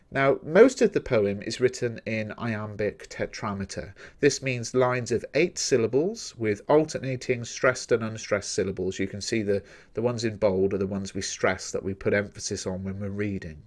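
A man's voice: fairly low pitch, moderate pace. A man with an English accent, a teacher giving a methodical, recorded revision lesson that speaks directly to the viewers. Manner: steady, methodical explaining, addressing viewers directly.

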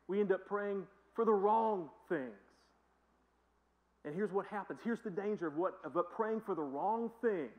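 A man's voice: on the high side, dull audio. A man pastor preaching a sermon in a conversational, emphatic storytelling manner. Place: church.

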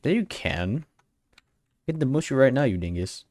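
A man's voice: medium pitch, big pitch swings, normal speed, darkish tone, dry recording, studio quality. Joking young male live streamer. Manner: joking, teasing chat banter. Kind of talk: casual live-stream chat.

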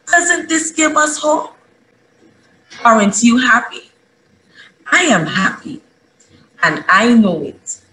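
A woman reading a children's devotional and speaking to an audience of students, with expressive rising questions. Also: fairly high pitch, a little hiss or hum, rough recording.

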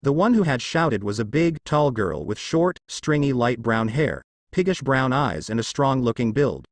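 A man reading a story aloud. His pitch rises and falls a lot as he goes, and his voice is close and dry, with no room sound. He keeps the narration quick and even and only slightly lifts his tone for the characters' lines. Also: no echo. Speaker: fan fiction reader.

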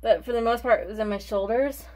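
A young beauty vlogger chats casually through a makeup tutorial, rambling and forgetting her place, short of breath and sighing between thoughts. She talks fast, her voice is fairly high, and her tone is darkish.

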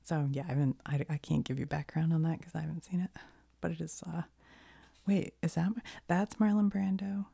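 ASMR host, woman with a cold: dark husky half-whisper, soft and rambling. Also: deep voice, fairly even intonation, brisk, dry recording. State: has a cold. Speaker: ASMR creator. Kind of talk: soft-spoken ASMR chat.

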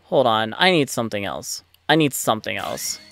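A man giving live commentary on his own gameplay, excitable and frustrated, swearing often. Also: medium pitch, normal speed, gravelly. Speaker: let's play gamer. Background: faint game music.

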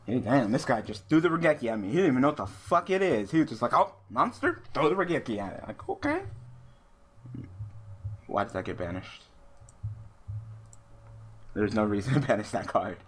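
Man, gaming commentary, ranting and swearing, pitch jumps all over. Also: fairly quick, pauses often. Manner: profane, ranting, animated storytelling. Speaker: gaming YouTuber. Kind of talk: venting commentary over card game play.

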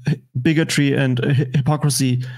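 A man with a German accent, a native German speaker, talking in English as an interview guest, halting with many fillers and restarts. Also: mid-range voice, fairly even intonation, a little mellow. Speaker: guest political commentator. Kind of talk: casual interview chat.

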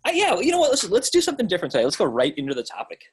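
A man co-hosting a podcast in casual chat, playful and quick with jokes. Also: sits high, wildly swooping pitch, breathy edge. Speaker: podcast co-host.

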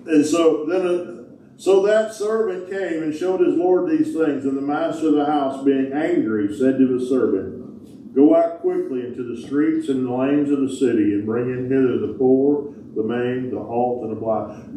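Male pastor, folksy joking sermon delivery, mellow tone, heard from a distance in a big echoing sanctuary. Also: mid-range voice, unhurried, slight background noise. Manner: folksy, joking preacher with Southern-style grammar. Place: large church sanctuary. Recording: echoey hall, distant mic.

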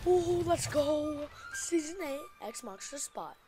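High, excitable young woman gamer. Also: takes it slowly, over music. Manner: excitable, gasping and shrieking at the game. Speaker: gaming channel host. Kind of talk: casual game commentary.

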